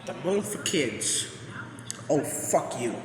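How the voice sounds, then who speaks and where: A man voicing a foul-mouthed, angry male house cat in amateur comedic voice acting, ranting and shouting with constant swearing. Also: medium pitch, sing-song, takes it slowly, crowd noise. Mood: furious ranting. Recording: echoey room with long reverb.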